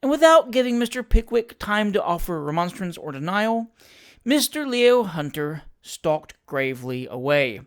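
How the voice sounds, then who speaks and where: An audiobook narrator reading a classic novel in a measured way, dropping lower for the narration between characters' lines. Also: big pitch swings, smooth.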